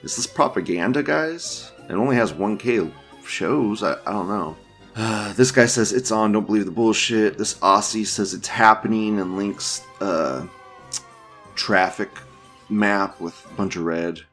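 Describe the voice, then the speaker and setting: A man's voice: fairly low pitch, unhurried, a bit bright, soft background music. A man hosting a casual online news commentary, mocking what he shows, laughing often and reading posts aloud. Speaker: host.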